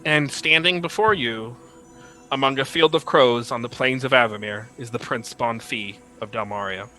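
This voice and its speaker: A man narrating a tabletop game as game master, halting with many fillers. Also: medium pitch, pushed and bright, soft background music, low-quality recording.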